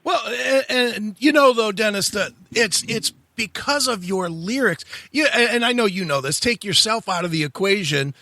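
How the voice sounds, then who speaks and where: Male radio host, effusive, admiring, fairly high voice, dry close sound. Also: expressive, normal speed, hardly any pauses, pushed and bright, dry recording. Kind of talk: interview.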